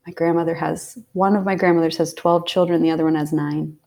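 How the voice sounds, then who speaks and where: Gravelly, lower-voiced woman telling her story. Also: fairly even intonation, a little fast. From Pennsylvania, USA. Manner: heartfelt, drops to soft whispers when recalling intense moments. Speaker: podcast guest. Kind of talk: casual storytelling.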